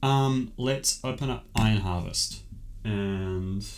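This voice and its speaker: Low-voiced man thinking aloud. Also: takes it slowly, darkish tone, reverberant, slight background noise. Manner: thinking aloud with many ums. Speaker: gamer showing games. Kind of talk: casual gameplay commentary.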